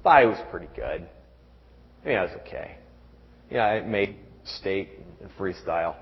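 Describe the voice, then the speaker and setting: A middle-aged man preaches a sermon, stopping and restarting his words and reading verses aloud. His voice sits at a middle pitch. The sound is dull, with a long reverb from a large hall. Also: expressive, creaky. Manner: halting, repeats words, reads scripture aloud.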